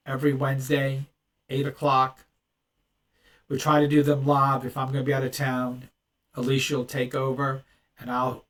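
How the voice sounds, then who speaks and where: A man's voice: mid-range voice, a bit bright, recorded from a distance. A man hosting a podcast in casual chat, rambling with many restarts and fillers. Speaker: podcast host and medium.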